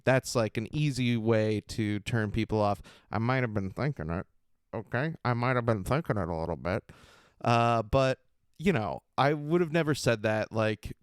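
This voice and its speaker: A young man hosting a podcast, telling a story in a casual, animated way, laughing and acting out what people said in a mocking voice. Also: on the low side, clean tone, no echo, studio quality. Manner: animated, laughing, acts out quotes in a mocking raised voice. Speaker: podcast host and stand-up comedian.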